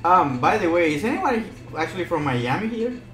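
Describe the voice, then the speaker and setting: Livestream co-host, jokey, huge pitch swings; echoey room, soft music behind. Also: very animated, a little fast. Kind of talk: casual livestream chat. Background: background music.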